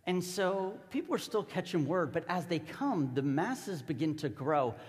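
A man's voice: fairly high pitch, lively intonation, a little slow, in a large hall. A man preaching a sermon as a pastor, telling the story casually and with animation.

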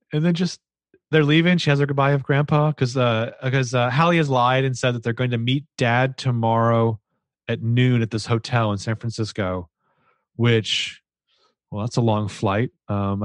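A man co-hosting a podcast, chatting casually about a movie, animated and laughing as he retells scenes. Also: mid-range voice, dry recording. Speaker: podcast co-host. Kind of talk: casual movie-discussion chat.

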